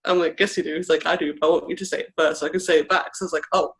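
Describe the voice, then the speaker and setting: There's background noise behind this podcast co-host, whose medium-pitched voice moves fast with fairly even intonation. The talk is casual and rambling, a personal story full of acted-out quotes and frequent "like."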